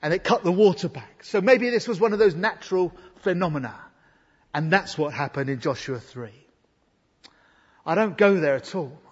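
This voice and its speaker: Man, preaching a sermon, husky voice, slightly high, echoing church hall, dull recording. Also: moderate pace. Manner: earnest, emphatic preaching with frequent restarts. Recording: dull sound in a reverberant hall.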